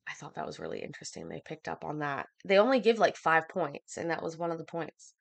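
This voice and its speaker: A woman hosting a casual livestream, chatting with viewers and reading their comments. She sounds a little hoarse and short of breath from a cough, with lots of ums. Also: low voice, huge pitch swings, fast. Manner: chatty, filler-heavy, reads out viewer comments. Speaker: livestream host.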